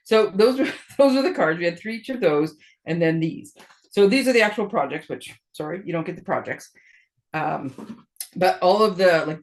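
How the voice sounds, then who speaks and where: A middle-aged woman, hosting a casual paper crafting show. She chats in a rambling way, with restarts and quick laughs. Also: low-pitched. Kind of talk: casual chat.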